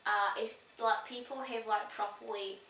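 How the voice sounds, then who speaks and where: A woman's voice: on the high side, fairly even intonation, moderate pace, sharp tone, recorded from a distance, a little hiss or hum. A young woman chatting casually with a friend, giggly and full of "like". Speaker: vlogger. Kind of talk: casual chat. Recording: echoey room, camera mic from afar.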